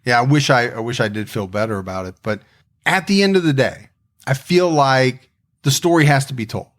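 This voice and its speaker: A man's voice: mid-range voice, lively intonation, brisk. A man co-hosting a podcast, talking in a reflective, conversational way with frequent restarts. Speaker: podcast co-host. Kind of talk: casual podcast chat.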